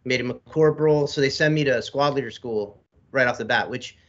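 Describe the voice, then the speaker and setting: A man's voice: mid-range voice, fairly quick, fairly bright tone. A man in his forties, a military veteran guest on a podcast, telling long rambling stories in casual, profane language. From United States. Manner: profane, rambling, laid-back storyteller. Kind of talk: casual storytelling in an interview. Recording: slightly dull lo-fi audio.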